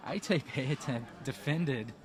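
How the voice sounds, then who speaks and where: Male co-commentator, analytical, mid-pitch, crowd clearly behind. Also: unhurried. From Melbourne, Australia. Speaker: sports co-commentator. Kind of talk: live colour commentary.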